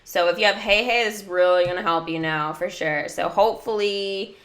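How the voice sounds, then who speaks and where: A woman's voice: fairly low pitch, moderate pace, fairly bright tone. A woman chatting casually during a mobile game livestream, giggling often and answering her viewers' chat.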